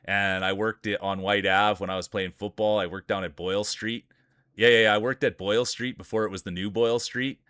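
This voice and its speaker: A man with a Canadian accent from Saskatchewan, hosting a live stream and calling marble races with energetic, hyped announcer-style banter aimed at his chat. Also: on the low side, brisk, clear, resonant tone, dry recording, studio quality.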